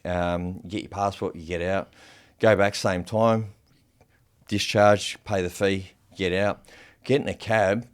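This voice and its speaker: A man, a podcast guest, telling a personal story in a casual, animated way, swearing freely and using lots of fillers. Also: deep voice, unhurried, clear, resonant tone.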